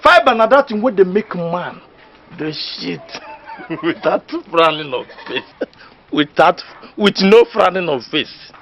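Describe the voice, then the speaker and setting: An actor playing a boastful, know-it-all village man who lectures his friend in Nigerian Pidgin, loud and laughing at his own jokes. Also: high-pitched, lively intonation, measured pace, slight background noise, full character voice. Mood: lecturing. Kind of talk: comedy film acting.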